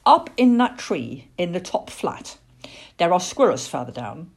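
A woman's voice: on the low side, very animated, a little slow, vocal fry, slightly rough, full character voice. A woman reading a storybook and voicing a timid, wondering little baby barn owl boy. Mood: curious. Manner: anxious, hesitant and wondering.

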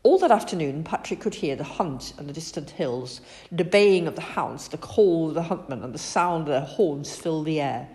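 A woman reading a children's story aloud in an expressive, animated way. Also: deep voice, normal speed.

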